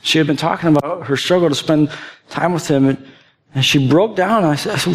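A man's voice: a little high, brisk. A young adult man preaching a sermon as pastor, earnest, often repeating words and restarting phrases as he builds to impassioned emphasis.

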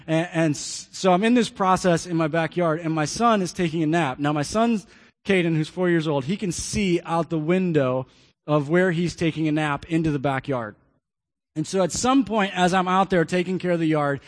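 A man's voice: on the high side, moderate pace, long reverb tail. A man in his thirties, a pastor, telling a personal story in an earnest sermon and repeating key phrases.

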